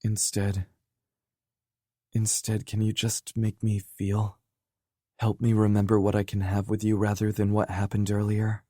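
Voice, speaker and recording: A male narrator voicing a shaken young woman who speaks softly and hesitantly. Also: fairly low pitch, monotone, unhurried, no room sound, studio quality, pitched above the performer's own voice. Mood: pleading.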